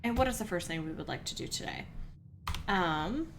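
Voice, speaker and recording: A woman's voice: lowish voice, lively intonation, moderate pace, gravelly, a bit bright, a little hiss or hum. A young adult woman, streaming a game and chatting with viewers in a rambling, earnest way, laughing often and reading chat aloud. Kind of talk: casual let's-play chat with viewers.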